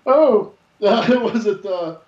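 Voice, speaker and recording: A high-pitched man swears his way through excitable stories in loose, casual talk. The sound is roomy and dull, like a lo-fi recording in an echoey room. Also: slow pace, heavy background noise. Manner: profane, excitable storyteller. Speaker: co-host. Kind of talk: casual radio chat.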